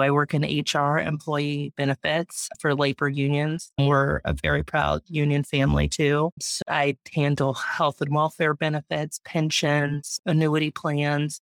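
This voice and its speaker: Chatty mom with a gravelly voice. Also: female voice, low-pitched, no echo, studio quality. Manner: warm, chatty, proud. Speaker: guest, urban homesteader and mom. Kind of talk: casual interview chat.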